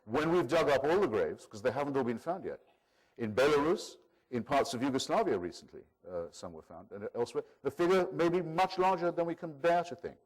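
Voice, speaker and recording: A man giving a public lecture in a measured, wry, digressive way. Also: medium pitch, expressive.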